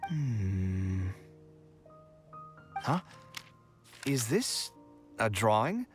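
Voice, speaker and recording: An actor playing a soft-spoken young man who is puzzling over his mother's old diary. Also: lowish voice, big pitch swings, drawn-out words, full character voice. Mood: wondering. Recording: game audio with clear music behind.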